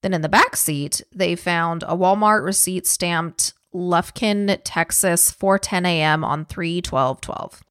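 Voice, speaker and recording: A woman's voice: lowish voice, slow, hardly any pauses, a bit bright, no echo. Woman, podcast host, chatty, profane, casual storyteller, dry recording. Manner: profane, chatty, laughs easily. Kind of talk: casual true-crime storytelling.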